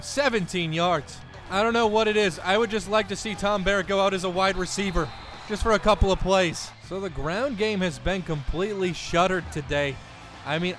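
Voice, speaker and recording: High-voiced excitable young man calling a game. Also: a little hiss or hum. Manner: excitable, jokey, quick outbursts. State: voice cracking. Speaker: gaming YouTuber. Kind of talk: casual play-by-play commentary over a football video game.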